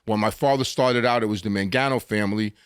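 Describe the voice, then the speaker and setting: A man's voice: on the low side, fast talker, clean tone, no room sound, studio quality. Older New man telling mob stories. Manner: animated storyteller acting out quotes, frequent restarts. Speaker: guest. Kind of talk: storytelling interview.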